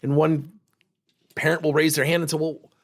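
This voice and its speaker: A middle-aged man giving a motivational talk as a former coach, telling stories in an animated way and acting out the people in them. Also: fairly high pitch, normal speed. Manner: animated storytelling, acting out quotes.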